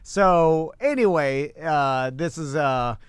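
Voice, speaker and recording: Brief: male podcast co-host, 30s, animated storyteller, clear smooth voice, close dry sound. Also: a little high, slow pace, no echo. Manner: laughs often, animated storytelling. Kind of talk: casual comedic chat.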